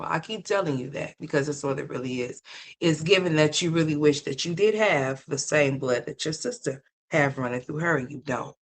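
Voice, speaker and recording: Here's an unscripted, foul-mouthed gossip rant at a middle pitch, aimed squarely at the listener with blunt scolding. It wanders and returns to the same phrases repeatedly to drive points home.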